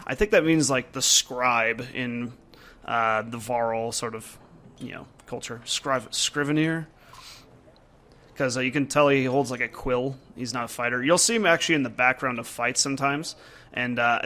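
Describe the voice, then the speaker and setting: A man's voice: mid-range voice, sharp tone. Casual young man rambling over gameplay. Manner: casual and rambling, with many fillers. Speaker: game reviewer. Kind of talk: let's-play commentary and reading dialogue aloud.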